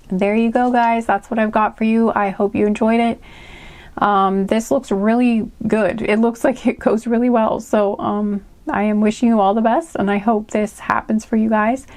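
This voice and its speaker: A woman's voice: medium pitch, darkish tone. A young woman giving a casual card reading, chatty and full of "um" and "like". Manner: chatty, lots of fillers like "um" and "like"; giggly, laughing fits. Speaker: tarot reader.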